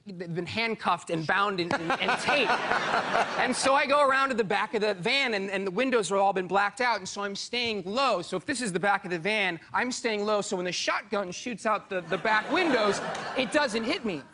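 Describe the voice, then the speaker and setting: A man from Iowa, a guest on a talk show, telling an animated, rambling story in a studio with a lapel mic. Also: high voice, normal speed, noisy background. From Iowa, USA. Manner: excitable, rambling with many restarts. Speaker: guest, actor. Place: television studio.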